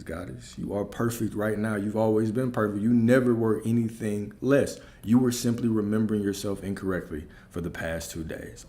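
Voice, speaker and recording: Low dark-voiced man preaching emphatically. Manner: emphatic, repeats key phrases, asks rhetorical questions. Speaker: spiritual coach. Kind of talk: preaching spiritual talk.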